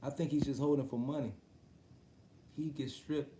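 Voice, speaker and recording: A man's voice: mid-range voice, fairly even intonation, normal speed, dark tone, a little hiss or hum. A man hosting a casual live stream, swearing freely, laughing often and talking straight to his viewers. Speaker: sports talk streamer. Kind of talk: casual livestream chat about boxing. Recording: roomy echo.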